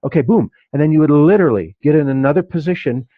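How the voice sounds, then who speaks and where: A man's voice: on the high side, quick pace, dry recording. A man leading a class discussion, who acts out the inner voices he quotes. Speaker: class teacher. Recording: dull dry lo-fi recording.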